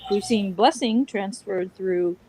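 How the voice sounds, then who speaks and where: A woman's voice: mid-range voice, slow, warm tone, slightly rough, low-quality recording. A woman taking part in a casual group Bible study, thoughtfully drawing connections between passages.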